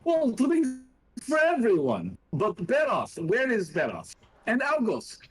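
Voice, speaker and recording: A man's voice: extremely high pitch, wildly swooping pitch, takes it slowly, voice pushed up, heavily acted, low-quality recording. A man voicing a blunt, simple-spoken male warrior who talks proudly in broken English, as a player in a tabletop game.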